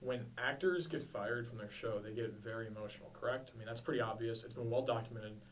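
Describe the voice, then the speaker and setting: A man's voice: medium pitch, fast talker, distant mic, a little hiss or hum, poor audio. A man in his twenties co-hosting a podcast, chatting casually in a rambling, self-deprecating way. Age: 20s. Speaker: podcast co-host. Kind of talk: casual chat.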